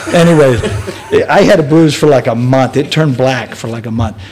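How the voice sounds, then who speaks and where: A man's voice: medium pitch, steady tone, normal speed, a little mellow, a little hiss or hum. A man in his thirties telling a story in casual chat, chatty, often laughing and restarting his sentences. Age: 30s.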